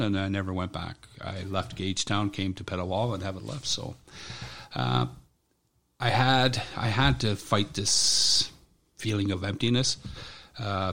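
Blunt gravelly veteran man. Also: low voice, a bit bright. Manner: blunt, profane, halting. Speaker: military veteran guest. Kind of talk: personal account in an interview.

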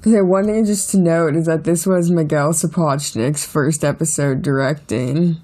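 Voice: mid-range voice, steady tone, normal speed, mellow. A guest in a casual chat, praising an episode's filming and saying "like" a lot. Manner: uses "like" a lot, enthusiastic.

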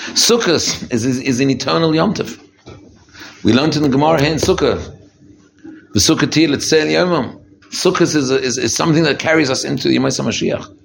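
A rabbi gives a holiday talk, preaching emphatically and often repeating or restarting his phrases. His creaky voice, heard over slight background noise, swings in a lively way from low and quiet to high and intense.

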